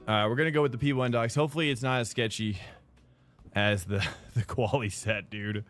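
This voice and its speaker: A young man streams a sim race from home, chatting in a laid-back way and calling his viewers dude and boys. His mid-range voice is a little fast and fairly bright, with faint music behind.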